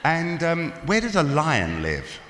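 A man's voice: fairly high pitch, slow. An English man with a London accent, doing dry, self-mocking comic banter with an audience from a stage. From England. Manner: dry self-mocking jokes, lively ups and downs. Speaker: guest performer on stage. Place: large hall with live audience. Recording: roomy hall, faint noise.

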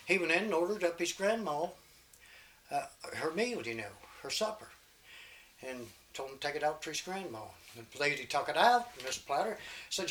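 A high-pitched man spins an old folk tale in a loose, rambling country manner. He keeps dropping in "you know" as he goes, unhurried and homespun. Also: big pitch swings, a bit bright, slight background noise. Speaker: storyteller. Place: home recording session.

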